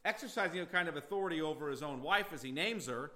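A pastor preaching an expository sermon, emphatic and repeating phrases for stress. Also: male voice, on the high side, lively intonation, fast, bright, forceful tone. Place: church sanctuary.

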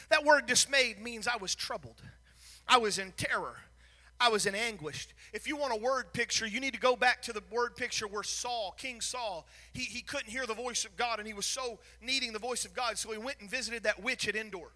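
A man delivers a sermon in a very high, piercing voice. He drops to hushed murmurs, then rises into shouted, chant-like phrases. Long reverb rings around him in a large sanctuary. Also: normal speed. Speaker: preacher.

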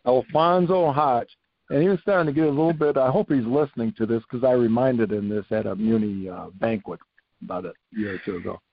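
A man's voice: medium pitch, fairly even intonation, fairly quick, vocal fry, no room sound, lo-fi sound. An older man, a retired coach, telling stories animatedly in a casual interview, repeating phrases for emphasis. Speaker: retired coach, podcast guest.

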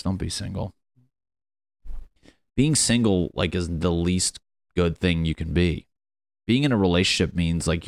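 A man's voice: deep voice, no echo. A young man hosting a casual solo podcast, rambling and swearing, laughing at his own jokes. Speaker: podcast host.

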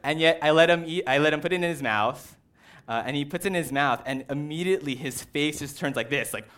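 Casual, animated male preacher. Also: on the high side, brisk. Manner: casual, animated, uses "like" and "right". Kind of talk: conversational sermon.

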